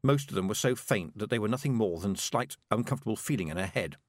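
Male audiobook narrator, animated storybook delivery, dry booth sound. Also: fairly low pitch, fast, no room sound. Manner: expressive storybook reading. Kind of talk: scripted narration.

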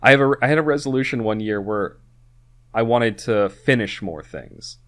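A man's voice: mid-range voice, normal speed, a bit bright. A man co-hosting a podcast, chatting casually and rambling with many restarts and fillers. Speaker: podcast co-host. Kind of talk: casual chat.

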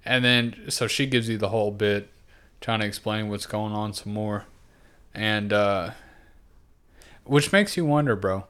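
A man's voice: lowish voice, unhurried, long pauses, clean tone. Man, podcast co-host, casual profane chat, clean resonant voice. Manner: animated retelling with acted-out quotes; profane and laid-back.

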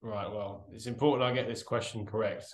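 Low-voiced man in a roomy echo. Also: steady tone, brisk. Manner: dry, joking, rambling. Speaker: podcast co-host, quiz contestant. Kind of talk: casual banter.

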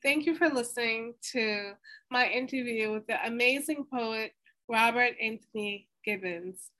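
A woman's voice: fairly high pitch, a little slow, bright, forceful tone, low-quality recording. A woman hosting a podcast, talking in an earnest, openly emotional way. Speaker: podcast host. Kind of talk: podcast interview and outro.

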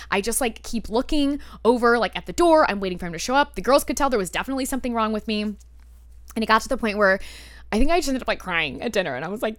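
A woman's voice: medium pitch, fast, dry recording. Woman, podcast host, casual storytelling, candid, swears a lot, dry close sound. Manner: candid and animated, swears freely.

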